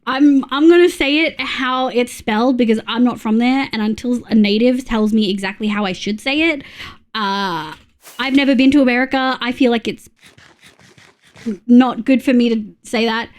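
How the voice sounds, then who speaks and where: A young woman from Australia chatting casually on a gaming livestream, swearing often and reacting loudly to scares. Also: fairly high pitch. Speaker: streamer.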